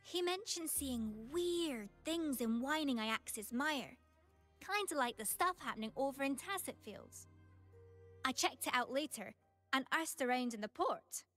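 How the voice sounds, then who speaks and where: A woman's voice: sits high, expressive, unhurried, fairly bright tone, soft background music. A woman voicing an upbeat young female delivery team captain in a game, friendly and chatty. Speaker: game character. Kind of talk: game voice acting.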